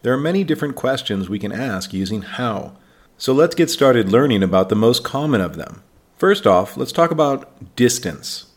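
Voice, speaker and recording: A man with an American accent hosting an English-learning podcast, speaking slowly and clearly and giving example sentences for learners. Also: mid-range voice, very animated. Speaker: English teacher, podcast host. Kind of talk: scripted teaching podcast.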